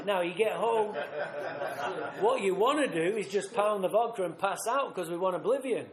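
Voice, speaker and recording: A man speaking at a recovery retreat, telling his own story bluntly and vividly, acting out scenes with rough language. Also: high voice, expressive, normal speed, a crowd in the background. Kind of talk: personal recovery story told live. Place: retreat meeting room. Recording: roomy live talk recording.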